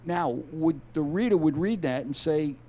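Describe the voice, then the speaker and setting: A man's voice: fairly high pitch, moderate pace, dark tone. A middle-aged man, an author and former detective, speaking on a video call. He explains his craft in an easygoing way, reads aloud from his novel, and often restarts his sentences. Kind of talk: interview guest, reading aloud from his novel.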